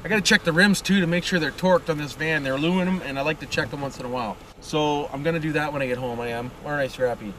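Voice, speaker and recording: This vlogger talks quickly, barely pausing, in a slightly bright voice on the high side. He has an Ontario Canadian accent and rambles while driving a van with an open window, tagging phrases with "it is," "boys" and "friggin' right." The sound is windy and distant, recorded in the car.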